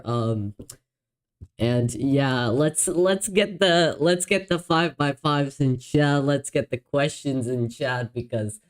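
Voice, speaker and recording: A man hosting a live stream in casual chat, excitable and apologetic, often stumbling over his words and laughing. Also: on the high side, smooth, low-quality recording. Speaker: livestream host.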